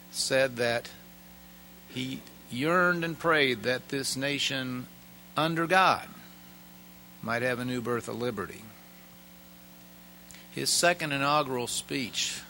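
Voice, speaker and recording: A man giving a formal speech at a prayer breakfast, speaking in a measured and emphatic way with pauses. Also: mid-range voice, sharp tone, a little hiss or hum, rough recording. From United States.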